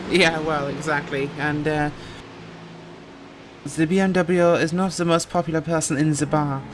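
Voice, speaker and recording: A man's voice: fairly high pitch, fairly even intonation, measured pace, a bit bright, a little hiss or hum. A man doing live sim racing commentary with dry joking banter, on a headset mic. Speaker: race commentator.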